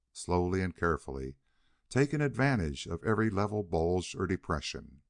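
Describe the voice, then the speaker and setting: Deep-voiced male audiobook narrator. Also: gravelly, no room sound, clean studio sound. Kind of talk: scripted narration.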